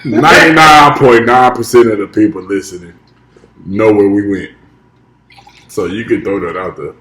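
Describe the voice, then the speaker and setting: A man's voice: fairly low pitch, moderate pace, fairly bright tone. A man co-hosting a podcast, asking questions and joking in casual chat. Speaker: podcast co-host. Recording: echoey room with faint noise.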